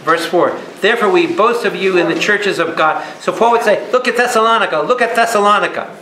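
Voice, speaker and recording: A man, a priest leading a Bible study, teaching in a lively way, asking the audience questions and acting out the people he quotes. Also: high-pitched, a little fast. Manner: animated, asks the audience questions, plays out quoted voices. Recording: echoey hall with live audience. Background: audience murmurs and responses.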